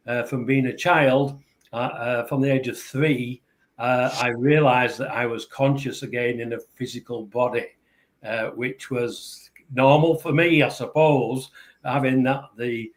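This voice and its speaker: A man's voice: medium pitch, unhurried. A man in his seventies with a Yorkshire accent, a guest on a podcast interview, speaking with many hesitant filler sounds. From England. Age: 70s.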